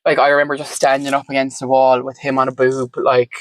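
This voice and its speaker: This podcast guest is a woman with a bass voice who talks fast in a level tone. Her storytelling is conversational, reflective and meandering, with "like" and "um" everywhere; the recording is rough and has no echo.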